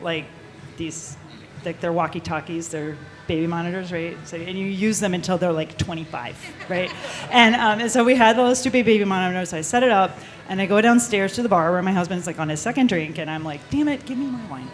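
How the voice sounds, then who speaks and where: A woman telling a true spooky story live on stage, animated and swearing, laughing often. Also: lowish voice, a little hiss or hum.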